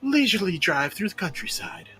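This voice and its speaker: A man's voice: sits high, sing-song, fairly quick, crowd noise. A man co-commentating a live sim race, adding playful, jokey asides.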